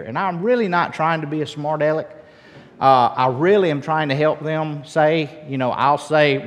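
A male preacher with a fairly high voice tells a story from the pulpit in a folksy, conversational way. He throws questions out to the congregation and often trips over and restarts his sentences. His voice carries with a long reverb, as in a large hall. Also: moderate pace, fairly bright tone. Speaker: pastor.

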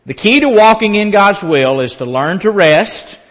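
A male pastor preaches in a casual, folksy way and breaks into loud, emphatic peaks. His voice sits a little on the high side. A long reverb hangs behind him in the sanctuary. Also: animated, normal speed. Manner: folksy and conversational, laughs between points. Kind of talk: sermon. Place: church sanctuary.

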